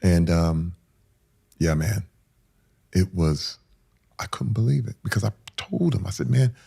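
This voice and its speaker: Deep gravelly man telling a painful story. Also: lively intonation, unhurried. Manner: intense, acts out quotes, swings between hushed and loud. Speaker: podcast guest. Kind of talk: emotional storytelling interview.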